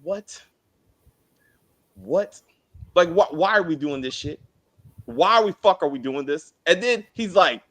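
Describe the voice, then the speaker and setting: High, animated man ranting. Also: unhurried, long pauses. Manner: animated, exasperated ranting with profanity. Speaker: co-host of a TV review show. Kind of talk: casual spoiler review chat.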